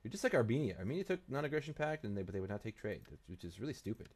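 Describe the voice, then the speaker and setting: A man's voice: mid-range voice, big pitch swings, rapid-fire, crowd noise. A man hosting a strategy game playthrough, thinking aloud and muttering to himself and the game as he plays. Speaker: let's play host.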